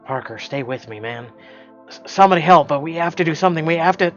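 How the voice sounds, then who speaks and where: A man reading aloud and voicing a desperate young male hero who calls out loudly and urgently. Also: on the high side, lively intonation, fast talker, dull audio, soft background music, pitched above the performer's own voice. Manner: loud, urgent shouting.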